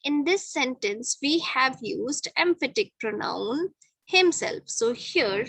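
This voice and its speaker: Slow, breathy-voiced woman teacher. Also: sits high, animated, a bit bright, no room sound, poor audio. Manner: patient, repeats each point with okay. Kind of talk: grammar lesson.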